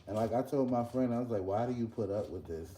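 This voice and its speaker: A young man, chatting casually in a vlog while cooking breakfast at work, telling an animated story. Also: medium pitch, fast talker, slight background noise. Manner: animated ranting storyteller, loose and conversational. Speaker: vlogger and podcast host. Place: workplace kitchen.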